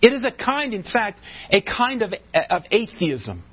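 A man's voice: high voice, very animated, unhurried, breathy edge, muffled recording. A pastor preaching a sermon, emphatic and often restarting and repeating his words mid-sentence.

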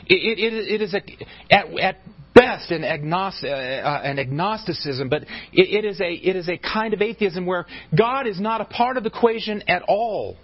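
Husky-voiced man preaching a sermon. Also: high-pitched, expressive, moderate pace, dull audio. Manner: emphatic preaching with frequent stumbles and repeated words. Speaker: pastor.

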